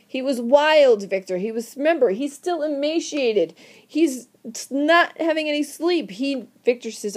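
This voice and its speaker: A woman teacher lectures with theatrical energy and fires questions at her class. Her voice sits a little high and she pushes every point with emphasis. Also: lively intonation, unhurried. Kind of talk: recorded literature lecture.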